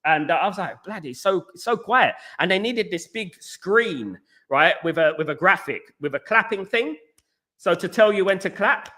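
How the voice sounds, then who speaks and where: A man on a live fan stream, sounding off about his club and reading out viewers' comments. His voice is bright and forceful and sits a little high for a man. He rants with strong opinions and circles back to repeat his points. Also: expressive, normal speed. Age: adult. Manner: ranting, repeats himself, opinionated. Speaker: football fan channel host.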